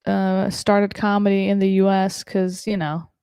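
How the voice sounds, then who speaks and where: A woman's voice: medium pitch, level tone, measured pace, vocal fry, mellow, clear, resonant tone, no room sound. A woman from Germany doing a stand-up comedy set over a video call, chatty and self-deprecating with many fillers.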